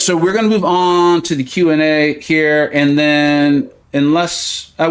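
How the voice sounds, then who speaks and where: Playful, slightly high-voiced male streamer. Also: a bit bright. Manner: playful and joking, rambling into tangents; explains advice in a chatty, reassuring way. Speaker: gaming streamer host. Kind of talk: casual live-stream chat answering viewer questions.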